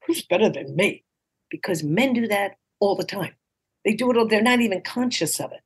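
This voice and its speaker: A woman in her sixties from New York City, a comedian telling stories as a podcast guest in a lively, encouraging, punchline-driven way, often acting out quoted dialogue in playful voices. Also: medium pitch, brisk, husky. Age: 60s. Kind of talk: casual interview storytelling.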